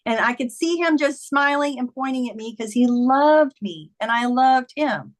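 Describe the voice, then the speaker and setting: A woman's voice: sits high, moderate pace. Earnest woman telling a personal story. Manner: earnest, animated retelling with quoted dialogue. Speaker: guest, memoir author. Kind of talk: conversational storytelling.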